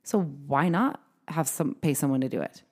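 Woman host, lower-pitched, chatty podcast conversation, easy laughs. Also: moderate pace. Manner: chatty, laughs often, quotes herself in asides.

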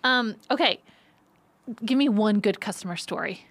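A woman co-hosting a podcast, asking quick questions in upbeat casual chat. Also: medium pitch, animated, a bit bright, dry recording. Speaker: podcast co-host.

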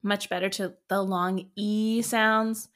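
Bright-voiced woman podcast co-host. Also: medium pitch, little pitch movement, slow pace. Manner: chatty, reads blurbs aloud with many fillers. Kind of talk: casual chat.

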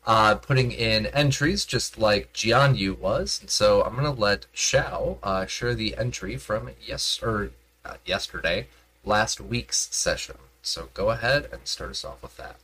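A man's voice: lowish voice, lively intonation, a little slow, sharp tone, poor audio. Rambling man running a tabletop game. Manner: rambling, with many fillers and restarts. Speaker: game master. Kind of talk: casual stream chat as game master.

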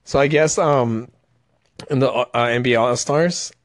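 A man's voice: mid-range voice, a little slow, no echo, clean studio sound. A man hosting a podcast as a stand-up comedian, joking and laughing often in a rambling casual chat. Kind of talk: casual chat reacting to a video.

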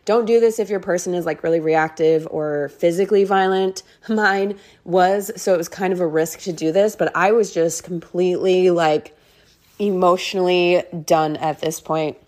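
A woman in her thirties with a lowish voice tells a personal story on her podcast. She talks casually and loosely, with plenty of "like" and "you know" between her thoughts. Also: fairly even intonation, normal speed, darkish tone. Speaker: podcast host.

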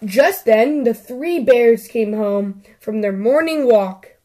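Kids' story host, female, unhurried and light-voiced. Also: on the high side, lively intonation, mellow. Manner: slow, deliberate storytelling. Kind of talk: reading a children's story.

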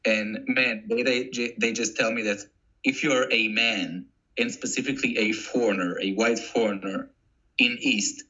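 A man from Israel speaking English as a guest, in a halting way with many restarts. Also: on the low side, fairly even intonation, pushed and bright, dull audio. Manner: halting, restarts often, non-native English. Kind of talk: casual interview talk.

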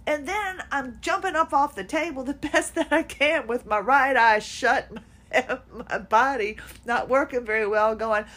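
A woman podcast host with a high-pitched, slightly bright voice tells a story at an unhurried pace. She sounds exasperated and sarcastic, laughing here and there, in a casual monologue venting about her personal life.

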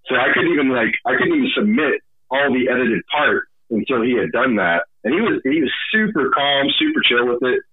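A man's voice: mid-range voice, sing-song, fairly quick, hardly any pauses, slightly rough. A man who narrates audiobooks, a podcast guest talking candidly and with self-deprecating humor. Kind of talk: casual podcast conversation. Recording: tinny phone-like line.

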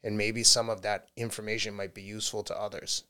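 Low-voiced man, runner guest on a podcast, candid and easygoing, laughs between points. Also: level tone, fairly quick, bright, forceful tone, clear, resonant tone. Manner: candid, laughs often, slips into quoted voices. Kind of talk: casual interview talk.

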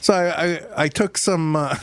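A man's voice: fairly high pitch, fairly bright tone, smooth. A man in casual chat who rambles and restarts his sentences. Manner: rambling, halting, full of restarts.

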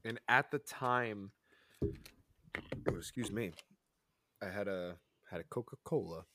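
A man hosting a podcast in casual chat, laid-back and quick to laugh, steering the conversation along. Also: lowish voice, noisy background. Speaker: podcast host.

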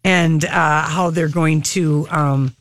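A man's voice: fairly high pitch, fairly even intonation, takes it slowly, a bit bright, dry recording, studio quality. A man co-hosting a talk show, gossiping about celebrity news in a chatty, emphatic way with many restarts. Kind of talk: casual entertainment chat.

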